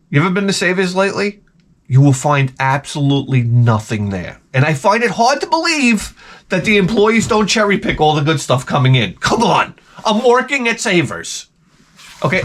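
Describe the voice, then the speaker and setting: Profane, animated man ranting sarcastically. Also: on the high side, normal speed, a little hiss or hum. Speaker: vlogger. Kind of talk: casual rant to camera. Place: home.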